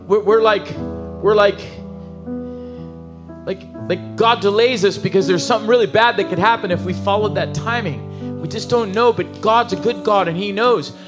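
A man preaching a sermon in an animated, emotional, conversational way, full of asides and restarts. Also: high voice, normal speed, music in the background. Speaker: pastor.

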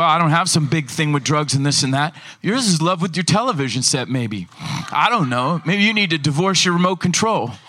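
A man preaching a lively sermon in a high, bright, forceful voice. He reads scripture aloud and acts out short bits of dialogue, sometimes rushing ahead and sometimes slowing right down. His delivery stays animated and emphatic throughout. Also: a little hiss or hum. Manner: animated, fast and slow in turns, acts out voices.

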